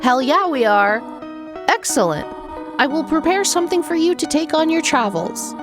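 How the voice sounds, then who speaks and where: A woman reading game dialogue aloud as a gentle, motherly female goat queen who speaks formally and slowly. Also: high voice, expressive, pitched above the performer's own voice. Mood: kindly. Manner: formal, slow and tender. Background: game music.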